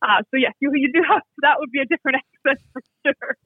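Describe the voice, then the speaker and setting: A man's voice: very high-pitched, fast talker, no room sound. Canadian man on a tinny phone line. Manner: thoughtful, with frequent restarts. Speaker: author and guest. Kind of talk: reflective interview talk.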